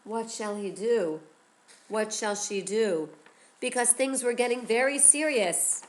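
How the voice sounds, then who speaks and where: A woman teacher telling a story to children in an animated way, often drawing her young listeners in. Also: fairly high pitch, slow, low-quality recording. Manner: animated, addresses listeners with "guess what".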